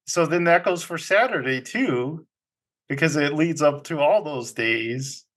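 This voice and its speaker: A man hosts a casual talk show with friends, laying out puzzles at a leisurely, unhurried pace. His voice sits a little high and swings up and down a lot. He laughs easily between lines. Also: fairly bright tone. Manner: unhurried, lilting storyteller, laughs often. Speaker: podcast host. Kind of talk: casual group chat.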